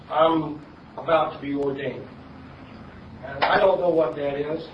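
A man introduces himself to the group in a candid, musing way. His voice is slightly high. He is recorded from a distance in an echoey room, and the sound is dull with faint noise. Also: steady tone, takes it slowly. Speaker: meeting participant. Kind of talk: casual introduction.

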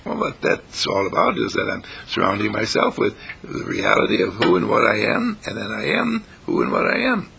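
A man's voice: fairly low pitch, huge pitch swings, normal speed, vocal fry, hardly any pauses, sharp tone, a little hiss or hum. A man hosting a spiritual radio segment, giving a rambling, repetitive inspirational talk in a theatrical way. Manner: repetitive, theatrical, breaks into song snatches.

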